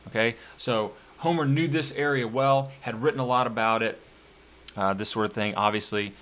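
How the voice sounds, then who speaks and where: A man teaching poetry reads verses slowly in a recorded lecture, lengthening the stressed syllables and adding informal asides along the way. He has a medium pitch and a fairly bright tone.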